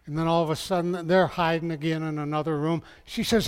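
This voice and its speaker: A man's voice: on the high side, fairly even intonation, fairly quick, few pauses, clear, resonant tone. A man preaching a storytelling sermon in a folksy way, speaking directly to his listeners. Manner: folksy, addresses the audience directly. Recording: long hall reverb.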